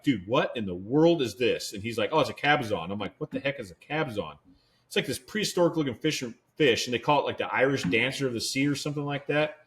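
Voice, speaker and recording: A man's voice: medium pitch, fairly bright tone. A man co-hosting a podcast, telling a casual story and acting out the lines of the people in it. He leans on "dude" and "like" as he talks. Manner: laid-back storyteller who acts out quoted dialogue; peppers his talk with "dude" and "like". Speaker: podcast co-host.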